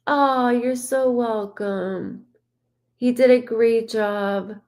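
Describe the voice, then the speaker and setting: A woman giving a live psychic reading, speaking softly with halting restarts and relaying a spirit's words in the first person. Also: fairly high pitch, steady tone. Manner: soft, halting, full of restarts. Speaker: psychic medium.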